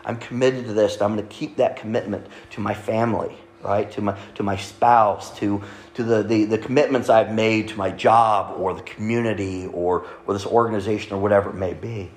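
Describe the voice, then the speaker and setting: A man's voice: fairly low pitch, steady tone, brisk. A man pastor preaching a sermon in a conversational way, often checking in with the congregation. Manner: conversational, frequent "right?" asides to congregation. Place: church sanctuary. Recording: echoey church room.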